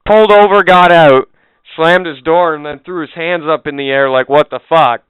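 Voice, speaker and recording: A man's voice: fairly high pitch, moderate pace, fairly bright tone, clean tone, no echo. A man co-hosting a casual podcast, telling a rambling, swearing anecdote in a laid-back way. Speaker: podcast co-host. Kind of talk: casual podcast chat, storytelling. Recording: dry, phone-like narrow sound.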